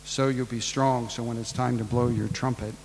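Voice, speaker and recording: A man's voice: mid-range voice, flat delivery, moderate pace, gravelly, a little mellow, in a large hall, slight background noise, low-quality recording. A man preaching a casual storytelling sermon, ad-libbing and acting out the people in the tale. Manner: casual, ad-libbing retelling with acted-out voices.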